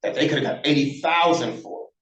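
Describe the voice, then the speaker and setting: A man's voice: fairly high pitch, brisk. A man in his sixties telling stories in a casual interview, bluntly and profanely, acting out the dialogue. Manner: animated, acts out quoted dialogue, blunt and profane. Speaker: interview guest, former prisoner. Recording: roomy echo.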